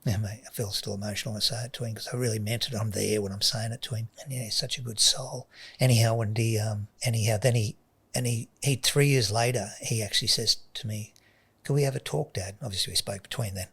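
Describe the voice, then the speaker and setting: Middle-aged man, gravelly and husky, soft-spoken, slips into whispers. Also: on the low side, steady tone, quick pace. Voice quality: gravelly and very raspy. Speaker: guest. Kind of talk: personal storytelling.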